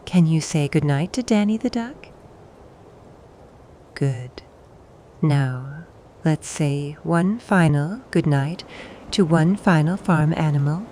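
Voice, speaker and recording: Woman, low and mellow, soothing toddler bedtime narrator, slow and patient. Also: lively intonation, slight background noise. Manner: soft and soothing, pausing for the child to answer. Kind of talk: gentle bedtime storytelling for toddlers.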